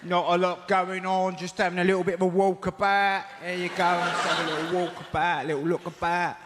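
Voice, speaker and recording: A man with a Cockney accent doing stand-up, telling animated stories and acting out voices, on a theatre stage mic. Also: high voice, a little fast. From East End of London. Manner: animated storytelling with acted-out voices. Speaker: stand-up comedian. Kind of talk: stand-up comedy. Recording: echoey theatre, loud noise. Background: audience laughter.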